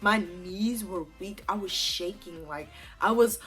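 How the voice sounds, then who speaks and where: A young woman tells a story to her viewers in a loose, animated, chatty way, swearing casually as she goes. Her voice sits at a middle pitch. Faint music plays softly underneath her. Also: unhurried. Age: 20s. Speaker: vlogger.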